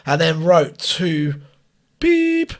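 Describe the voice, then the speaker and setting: A man co-hosts a casual podcast, chipping in with quips and stories. His voice is husky and a touch high, and its pitch swings widely as he talks. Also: expressive, fairly quick, fairly bright tone. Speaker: podcast co-host. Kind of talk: casual chat.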